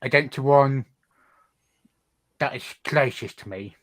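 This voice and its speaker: Slow, hesitant man playing a tabletop game. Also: mid-range voice, fairly bright tone. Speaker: player. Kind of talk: casual tabletop game play.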